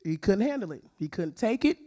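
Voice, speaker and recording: A woman's voice: mid-range voice, sing-song, a little fast, warm tone. A woman speaking at a church women's conference, giving a personal testimony in an emphatic, informal storytelling way.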